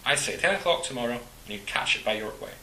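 Guy doing a bright breezy highland scot, young and charming, raised voice, echoey room. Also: lively intonation, quick pace, gravelly, a little hiss or hum. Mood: friendly. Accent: Highland Scottish. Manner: easy, good-humoured banter.

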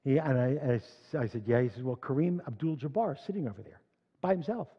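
A man's voice: medium pitch, animated, fast, breathy edge. An older man preaching a sermon, telling stories and reading scripture aloud with rising force. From Philadelphia. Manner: storytelling, rising loud when reading scripture. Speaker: congregation leader. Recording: dull echoey church hall recording.

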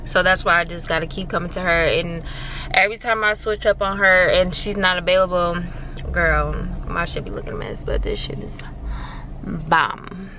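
A woman's voice: fairly low pitch, fairly even intonation, moderate pace, background noise. A young woman in her twenties vlogging in casual, candid chat, swearing freely and calling her viewers y'all. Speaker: beauty vlogger.

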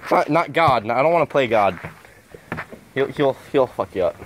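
A young man filming a casual vlog outdoors in the countryside, joking around excitably and swearing often as he talks to his viewers. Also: medium pitch, moderate pace, background noise. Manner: excitable, jokey and heavily profane. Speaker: vlogger.

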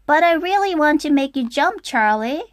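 Storybook little sister, high and bouncy, teasing, voiced by a Korean-accented woman. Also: animated, moderate pace, no echo, clean studio sound. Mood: excited. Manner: squealy, bouncy and emphatic. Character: excitable little girl, mischievous younger sister. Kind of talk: storybook read-aloud.

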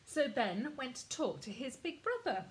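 A woman reading a children's picture book aloud in a gentle, expressive storytelling manner. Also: high-pitched, moderate pace, poor audio. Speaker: storybook reader.

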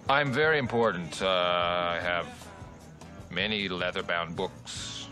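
A self-important braggart who savours every boast in a slow, smug drawl. His voice sits very low. Music plays clearly underneath, as in a film clip. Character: pompous boastful man, self-important celebrity.

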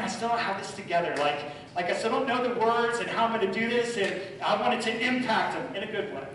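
A middle-aged man preaching a sermon, telling a story with dramatic swings from loud to hushed. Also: high voice. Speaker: pastor. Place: church sanctuary. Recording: echoey church from far off, faint noise.

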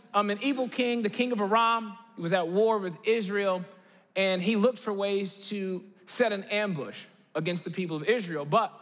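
A man preaching a sermon in a lively storytelling manner, often checking in with the congregation. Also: extremely high pitch. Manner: animated, checks in with the audience often. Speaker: guest preacher. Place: large church auditorium. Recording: long church hall reverb.

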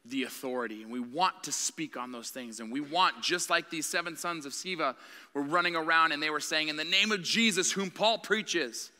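A man's voice: a little high, bright, forceful tone. A man preaching a sermon in a candid, conversational way. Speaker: guest preacher. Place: church sanctuary. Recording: long reverb of a church hall.

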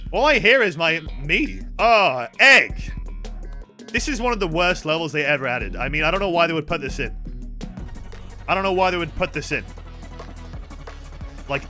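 A British man giving casual live commentary while streaming a game, swearing freely and yelling at the other players. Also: sits high. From Britain. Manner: profane, excitable, yells at other players.

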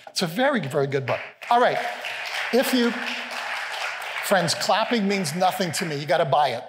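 Animated pastor in a reverberant hall. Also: male voice, moderate pace, crowd noise, noisy background. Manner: animated, playful, acts out quotes with rising pitch. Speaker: senior pastor. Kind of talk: sermon. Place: large church hall with a live congregation.

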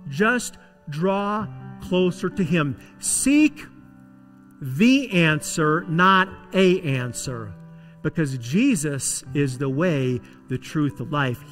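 A man preaching a sermon as pastor in a church, with dramatic delivery that swings between loud emphasis and hushed tones. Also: on the high side, animated, takes it slowly, in a large hall, soft background music. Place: church sanctuary.

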